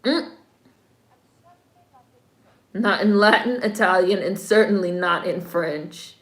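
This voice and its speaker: A woman's voice: mid-range voice, takes it slowly, a bit bright. Chatty woman with wry asides, roomy sound. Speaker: film reaction vlogger. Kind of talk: casual movie-watching commentary.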